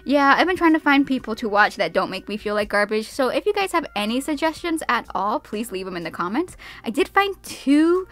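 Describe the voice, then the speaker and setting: A young woman venting casually in a vlog, rambling and animated, restarting sentences as she goes. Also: a little high, fairly quick, few pauses. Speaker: YouTuber.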